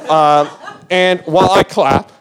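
A man's voice: sits high, fairly even intonation, takes it slowly, heavy background noise. A young man telling a personal story on stage, rambling with many fillers and restarts and laughing as he goes.

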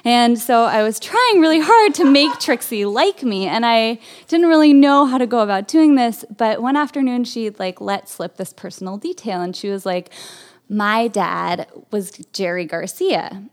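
Woman from California, personal storyteller, a bit high-pitched, casual and chatty. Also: animated, normal speed, hardly any pauses. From Berkeley, California. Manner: chatty, full of "like" fillers.

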